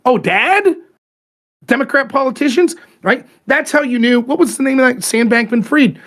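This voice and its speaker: A man's voice: very high voice, fairly even intonation, fairly quick, a bit bright. A man hosting a podcast, ranting animatedly about politics in casual, profane talk. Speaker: podcast host.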